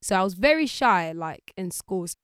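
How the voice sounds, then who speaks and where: A woman's voice: medium pitch, normal speed, smooth, dry recording, studio quality. A woman, a guest chatting casually in an interview and acting out the people she quotes. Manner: lively, acts out voices of people she quotes.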